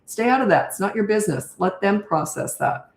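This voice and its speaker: A woman's voice: mid-range voice, animated, brisk, slight background noise. An older woman, a parenting coach, answering viewer questions in a chatty, direct way. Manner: chatty and direct, reads comments aloud. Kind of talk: live Q&A answering viewer comments. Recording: echoey room.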